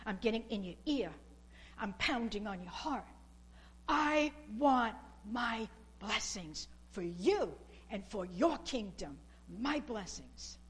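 A middle-aged woman preaching with a high voice. Her delivery is fervent and pleading, and she keeps repeating herself to drive each point home. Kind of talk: sermon.

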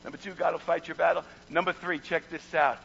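A man preaching a fervent sermon, repeating words and building to shouts. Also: on the high side, little pitch movement, a little fast, creaky, highs cut off, slight background noise. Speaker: pastor.

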